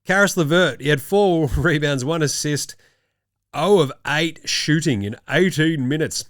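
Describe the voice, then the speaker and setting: A man's voice: a little high, unhurried, fairly bright tone, dry recording, clean studio sound. A young Australian man hosting a casual basketball show, joking as he rattles off stats. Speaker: host. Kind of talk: casual chat.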